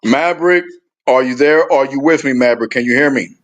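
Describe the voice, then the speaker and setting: A man's voice: medium pitch, fairly quick. A man hosting a live stream, ranting heatedly and cursing in a drawling voice. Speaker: show host.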